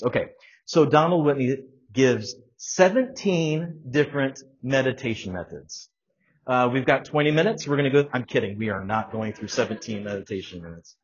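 A man teaching a church Bible study group, earnest and slow, asking questions and joking lightly. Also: mid-range voice, slightly rough, lo-fi sound.

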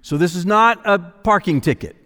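Man, pastor, expository sermon, dramatic hushed emphasis, fairly high voice, long hall reverb. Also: moderate pace. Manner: dramatic preaching, dropping to near-whispers for emphasis.

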